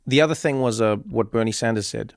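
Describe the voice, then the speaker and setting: A man hosting a conversation who asks curious follow-up questions in a relaxed manner. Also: medium pitch, fast talker, vocal fry, no room sound, studio quality. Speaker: host. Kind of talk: interview conversation.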